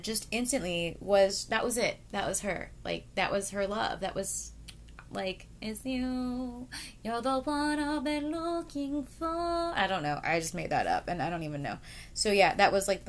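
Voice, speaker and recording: A woman's voice: medium pitch, a bit bright. A woman in her thirties telling a true crime story to camera in a casual, chatty way, full of fillers and swearing, and talking straight to her viewers. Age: 30s.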